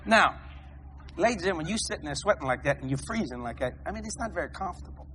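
An American man preaching a sermon, telling stories in an animated way, shouting and laughing as he goes. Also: a little high, fast talker, slight background noise. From United States. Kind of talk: storytelling sermon.

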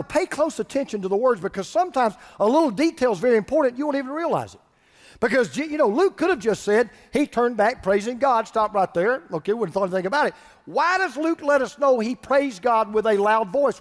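A man preaching a sermon as pastor, animated, swinging between loud passages and hushed ones. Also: high-pitched. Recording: hall reverb.

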